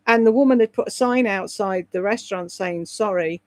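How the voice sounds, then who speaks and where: A woman's voice: medium pitch, a little fast, no room sound. A British woman chatting casually on a live stream, rambling between topics and reading out viewer comments. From Britain. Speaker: live streamer and voice-over artist.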